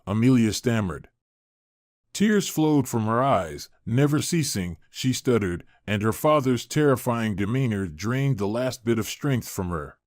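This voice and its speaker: Male storyteller, steady scripted read, mid-range voice, dry. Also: medium pitch, moderate pace, dry recording. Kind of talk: scripted narration.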